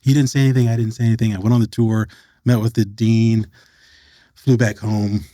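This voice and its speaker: Fairly quick and on the low side, this middle-aged American man's voice comes through a dry recording. As a podcast guest sharing a personal story, he brings it to life by acting out what the people in it said.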